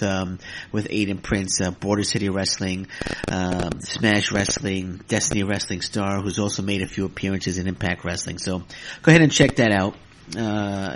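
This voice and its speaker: A man hosting his own wrestling podcast, ranting in a heated, exasperated way, with many fillers and some cursing. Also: fairly low pitch. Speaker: podcast host. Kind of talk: solo wrestling podcast rant.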